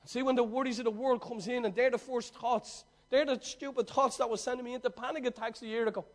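A man preaching a sermon, swinging between loud, excited storytelling and hushed, earnest talk, with a conversational, slangy manner. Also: very high voice, fast talker.

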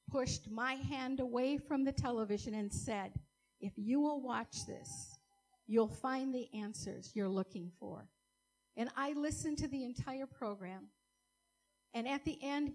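A woman's voice: high voice, a little mellow, rough recording. A woman giving an earnest, emotional church testimony, speaking directly to a congregation.

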